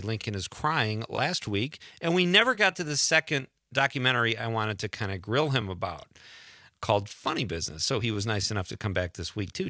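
A man's voice: medium pitch, pushed and bright, dry recording. A man hosting a talk show, reading an ad and chatting with a guest in an upbeat, anecdotal way. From Chicago. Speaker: radio show host. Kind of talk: casual interview.

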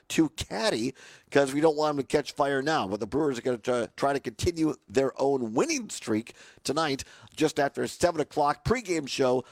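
A hoarse man with a raspy voice, hosting a live radio talk show on location, chatty and upbeat with many fillers and restarts. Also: medium pitch, dry recording. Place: remote location broadcast.

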